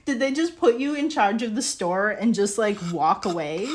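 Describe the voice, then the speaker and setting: A young woman streaming while she works on ceramics, telling a story in animated casual chat with many "like"s and bursts of laughter, sounding exasperated and incredulous. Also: mid-range voice, normal speed.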